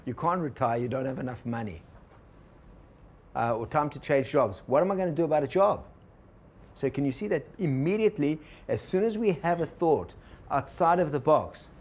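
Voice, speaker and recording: An organizational consultant leads a workshop on personal change, telling a fable, voicing characters' inner thoughts in quotes, and posing questions to the audience. His voice is medium in pitch with a darkish tone.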